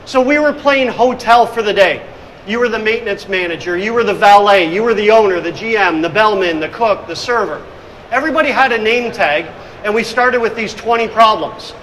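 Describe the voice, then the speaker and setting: A middle-aged man, a hospitality consultant and speaker, presents on hospitality leadership in a conference room, telling stories energetically and acting out scenes. His voice is high-pitched and fairly bright, and he talks a little fast. The recording is rough, with slight background noise.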